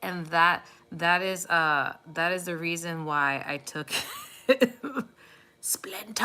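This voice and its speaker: A woman host chatting casually with viewers on a live stream, warm and cooing as she talks about cats. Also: lowish voice, slow pace. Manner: chatty and affectionate, cooing baby talk at her cat. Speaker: tarot reader live streaming.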